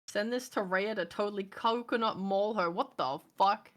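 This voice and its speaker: A woman streaming from home, chatting casually, ranting and swearing as she talks to her chat. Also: mid-range voice.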